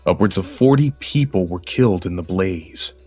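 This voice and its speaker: A man's voice: deep voice, expressive, normal speed, breathy edge, soft background music. A man reading a horror story aloud in a grim, bitter, world-weary voice, then chatting casually with his co-hosts. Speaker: guest storyteller.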